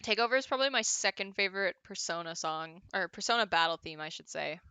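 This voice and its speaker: A woman's voice: fairly low pitch, lively intonation, fast, sharp tone, smooth, no room sound. A woman streamer chatting casually while playing a game, giggly and swearing now and then.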